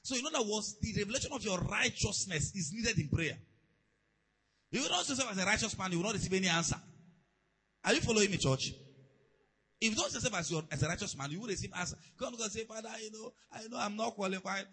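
A man preaching a sermon to a church, calling out questions and leading the congregation in shouted declarations. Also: high voice, expressive, quick pace, breathy edge, rough recording. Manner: call-and-response, building to shouted declarations.

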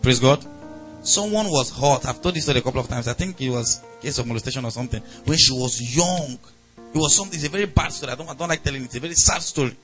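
A man with a Nigerian accent preaching a sermon, animated and acting out quoted voices. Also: medium pitch, quick pace, faint music behind. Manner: animated preaching, acts out angry voices, laughs. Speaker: pastor.

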